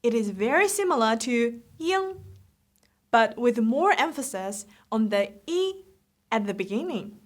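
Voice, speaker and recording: A woman teaching Mandarin pronunciation, saying each syllable slowly and repeating it for the learner. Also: on the high side, very animated. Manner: slow, drilled repetitions of syllables. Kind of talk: slow pronunciation lesson.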